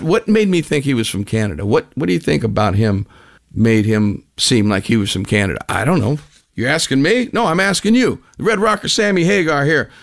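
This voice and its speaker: An older man hosts a radio show in a relaxed, rambling manner. He chuckles often as he tells stories, and his voice sits a little higher than most men's. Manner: laid-back, chuckling storyteller, loose rambling delivery. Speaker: radio host. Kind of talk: casual radio talk with anecdotes.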